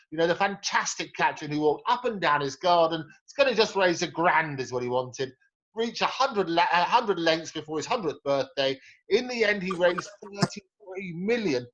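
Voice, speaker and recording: A man's voice: fairly high pitch, a bit bright. Enthusiastic male host on a lo-fi line. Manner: enthusiastic, effusive praise. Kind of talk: interview chat.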